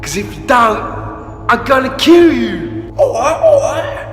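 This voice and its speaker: A would-be Cockney hardman, as a man puts him on mutters threats in a hushed, high and sing-song voice. He drags the words out slowly. A roomy echo with a long tail and faint music fill the recording. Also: huge pitch swings, creaky, full character voice. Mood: threatening. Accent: put-on Cockney. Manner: hushed threats, sudden shouted outburst. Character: would-be hard male Cockney geezer Phil. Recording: echoey roomy stream clip with faint music.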